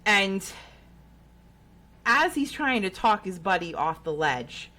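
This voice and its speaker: A woman, co-hosting a podcast and retelling a story in a casual, profane, animated way. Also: medium pitch, slow pace. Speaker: podcast co-host.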